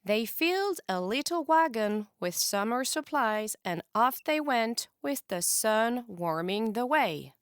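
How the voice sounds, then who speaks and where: Animated woman reading a storybook. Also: on the high side, takes it slowly, hardly any pauses, smooth, no echo, clean studio sound. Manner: expressive and animated. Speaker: teacher. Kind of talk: children's storybook read-aloud.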